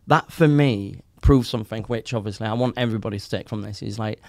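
A man in his forties, a podcast guest telling his story in casual, animated chat, quoting people and swearing as he goes. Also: on the low side, quick pace, few pauses, dry recording. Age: 40s.

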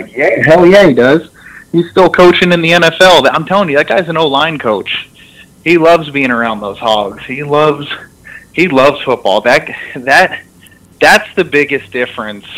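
A young man in casual chat, telling lively stories with laughter and frequent restarts, heard over a radio broadcast. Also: mid-range voice, rough recording. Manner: animated storyteller, laughs a lot, restarts. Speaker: former football player guest.

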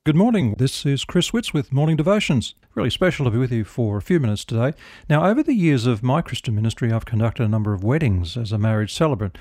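Casting note: middle-aged minister, gentle storytelling, dry studio sound. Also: male voice, medium pitch, animated, fast, no room sound. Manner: gentle storytelling, prayerful close. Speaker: devotional host, minister. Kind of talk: radio devotional talk.

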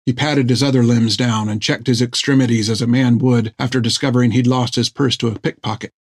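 A man reads an adventure story aloud in steady, scripted narration. His delivery is even and measured, at a middling pitch. The recording is dry and close. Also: husky, dry recording. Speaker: audiobook narrator.

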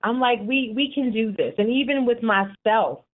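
A woman's voice: on the high side, moderate pace. Chatty woman in her forties on a phone line. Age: 40s. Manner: animated storytelling with frequent "you know". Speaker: support group leader. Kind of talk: casual interview.

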